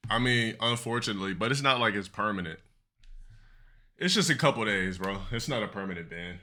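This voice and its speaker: A man's voice: on the low side, animated, brisk, sharp tone. A man chatting casually on a live stream, profane and boastful, laughing between remarks.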